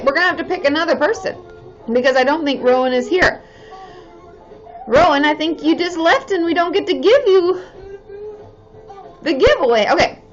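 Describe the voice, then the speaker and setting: Bubbly high-voiced woman chatting on a live stream. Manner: bubbly, chatty, cheers often. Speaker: therapist hosting a live stream. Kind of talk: casual live-stream chat with viewers. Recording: slightly dull sound with faint music behind.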